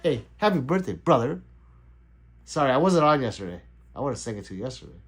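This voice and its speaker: A middle-aged man talks casually on his own livestream from home, answering his viewers and laughing often. His pitch swings widely, rising sharply whenever something catches his attention. The talk is loose and unscripted. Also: big pitch swings, brisk, husky. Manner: loose, laughing, chatty, reading out chat. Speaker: livestream host.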